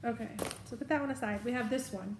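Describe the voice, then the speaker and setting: A woman's voice: a little high, fast talker, noisy background. Chatty woman thinking aloud, roomy. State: has the hiccups. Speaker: vlogger. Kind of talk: casual show-and-tell.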